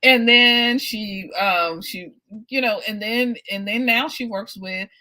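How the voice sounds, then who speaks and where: A middle-aged woman hosts a casual interview and drifts into long family anecdotes, peppered with ums. Her voice is bright and sharp. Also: on the high side, slow pace. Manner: chatty, rambling anecdotes with fillers. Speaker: host.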